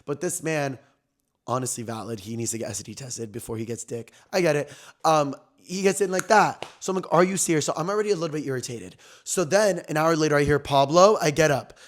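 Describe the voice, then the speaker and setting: A young man hosting his own podcast, telling a story in an animated, slangy, gossipy way, often jumping between loud and soft. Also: on the high side. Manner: animated, slangy and gossipy, with quick swings in loudness. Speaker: podcast host. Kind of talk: casual storytelling chat.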